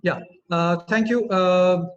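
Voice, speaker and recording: A man's voice: high voice, steady tone, takes it slowly. A man with an Indian English accent giving an earnest webinar lecture to students, talking with frequent fillers and asking the audience questions, over a dull lo-fi online line. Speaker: communication skills trainer. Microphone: video call.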